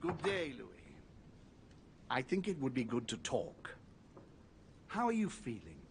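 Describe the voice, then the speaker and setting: An actor playing a courtly nobleman in a video game, speaking in a formal, measured and courteous way. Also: mid-range voice, huge pitch swings, background noise. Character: courtly older male nobleman, calm and guarded. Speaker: game character.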